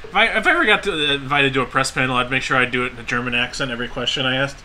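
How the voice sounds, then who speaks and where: A man's voice: medium pitch, very fast, pushed and bright, slight background noise, rough recording. A man co-hosting a podcast, chatting casually with goofy jokes. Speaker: podcast co-host.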